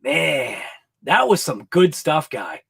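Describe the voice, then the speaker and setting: High-voiced, excitable hobby show host. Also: male voice, slow pace, creaky, breathy edge. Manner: excited, rambling and laughing often. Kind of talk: casual live-stream chat with viewers. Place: home garage workshop.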